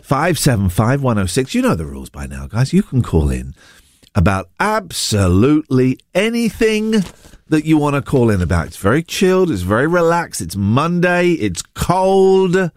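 A man's voice: medium pitch, sing-song, normal speed, no echo, studio quality. A man hosting a casual breakfast radio show, chatting playfully. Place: radio studio. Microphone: studio mic.

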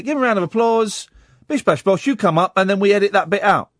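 A man's voice: high voice, big pitch swings, fairly quick, dry recording, clean studio sound. A man hosting a radio phone-in, teasing and exasperated with callers in casual chat.

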